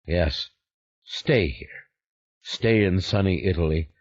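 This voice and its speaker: A man's voice: low-pitched, slow pace, highs cut off. A man narrating a thriller audiobook in the first person, with a grave, brooding reading.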